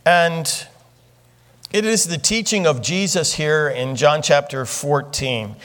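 A man preaching a sermon in a conversational teaching manner, asking the congregation questions and rising in pitch when he gets excited. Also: slow. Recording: long reverb of a large hall.

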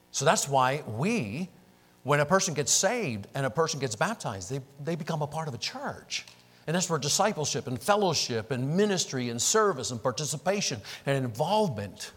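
A man's voice: on the high side, very animated, normal speed, fairly bright tone, breathy edge, poor audio. A man teaching a Bible class as pastor, asking the class rhetorical questions and answering them himself.

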